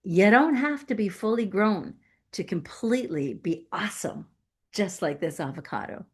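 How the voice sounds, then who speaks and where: A woman's voice: medium pitch, lively intonation, normal speed, a little mellow, breathy edge. A woman giving a playful, emphatic inspirational sermon as a guest speaker, laughing often. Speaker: guest speaker at a spiritual center.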